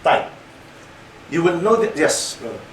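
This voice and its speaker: A man's voice: on the high side, big pitch swings, measured pace, a little hiss or hum. A man in his fifties giving an Islamic lecture to young listeners, often putting questions to the audience. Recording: roomy hall, mic at a distance.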